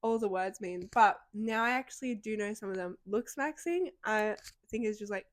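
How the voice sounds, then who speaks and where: A woman's voice: mid-range voice, normal speed, no echo, clean studio sound. A woman in casual podcast chat, rambling and unsure of herself. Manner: rambling, unsure, lots of fillers.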